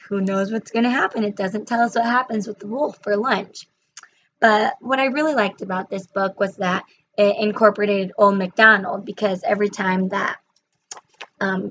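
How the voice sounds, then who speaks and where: A woman's voice: mid-range voice, slight background noise. A young woman retelling and reviewing a children's book in a chatty way, with frequent fillers, on a slightly muffled recording.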